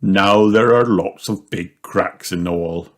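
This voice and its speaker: A man reading a children's storybook aloud in a slow, lively storytelling manner. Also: deep voice. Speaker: storybook reader. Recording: noisy home recording with clicks.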